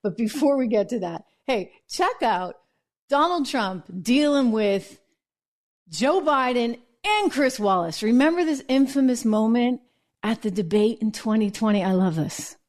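A woman hosting a political commentary show, telling stories in a chatty, animated way. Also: a little high, measured pace. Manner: chatty, animated storytelling with laughs. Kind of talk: casual news commentary.

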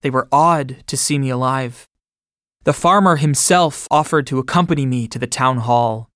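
A man narrating his own memoir in steady first-person storytelling, recorded close to the mic. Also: mid-range voice, normal speed, no room sound.

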